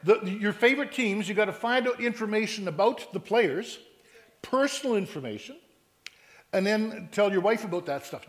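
A man with a notably high-pitched voice delivers a sermon in an animated, storytelling way. He slips into both sides of everyday conversations to make his point, then settles back into teaching. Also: normal speed. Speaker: preacher.

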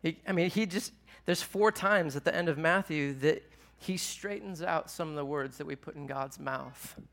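A man's voice: fairly high pitch, moderate pace, creaky, a bit bright. A man preaching a sermon to a live audience in a conversational way, asking them questions as he teaches. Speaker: pastor.

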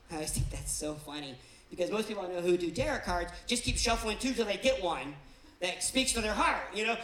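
A pastor delivers a sermon in a conversational way, now and then acting out the people being described. The voice sits at a middle pitch. It carries the roomy echo of a church hall. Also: lively intonation, fairly quick, a bit bright. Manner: conversational, acts out quoted people in different voices. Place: church auditorium.

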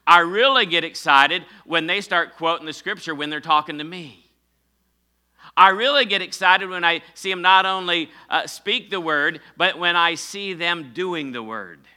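A man's voice: fairly high pitch, moderate pace, bright, forceful tone, smooth. A middle-aged man preaching a sermon as pastor, speaking conversationally with fillers and self-corrections and calling on the congregation to answer. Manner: preaching with call-and-response to the congregation.

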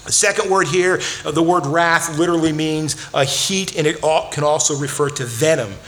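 A man's voice: a little high, normal speed, fairly bright tone. A man preaching a sermon as a pastor, earnest and direct, repeating words for emphasis and turning to speak to the children in the congregation. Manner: earnest, repeats words when stressing a point.

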